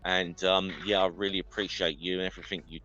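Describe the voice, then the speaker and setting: A man giving a halting tribute on a casual group call, full of fillers and restarts. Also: low voice, level tone, pushed and bright, muffled recording, faint music behind.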